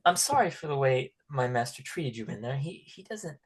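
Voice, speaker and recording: A man voicing a timid, lonely teenage orphan girl who speaks haltingly and softly, often slipping into a whisper. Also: medium pitch, big pitch swings, breathy edge. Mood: pleading. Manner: hesitant, halting and soft-spoken, often whispering.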